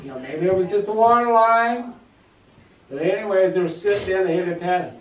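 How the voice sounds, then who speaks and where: A man telling a family ghost story in a halting, repetitive way, in a roomy space away from the mic. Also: high-pitched, slight background noise. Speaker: family member. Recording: roomy and distant.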